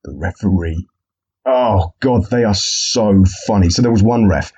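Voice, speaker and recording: Husky, jokey male podcast host. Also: lowish voice, unhurried, darkish tone, lo-fi sound. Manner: jokey, rambling, swears freely. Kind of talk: casual solo podcast chat.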